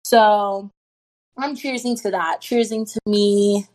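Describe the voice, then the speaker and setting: A woman's voice: medium pitch, fairly even intonation, slow pace, a little mellow. A woman in her twenties, a podcast co-host, a little drunk on wine and chatting in a loose, blunt, swearing way. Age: 20s. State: tipsy from wine. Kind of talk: casual podcast chat.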